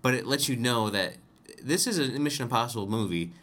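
A man's voice: medium pitch, animated, brisk, fairly bright tone. A man co-hosting a casual film discussion, rambling and correcting himself as he explains. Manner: rambling, self-correcting, chuckles while explaining. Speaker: podcast co-host.

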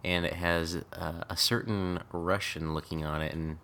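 A man with a deep voice talks through a film scene by scene in a relaxed chat. His tone has a bright, forward edge, and he breaks into laughter often as he pokes fun at the acting. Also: moderate pace. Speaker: podcast co-host. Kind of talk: casual movie recap chat.

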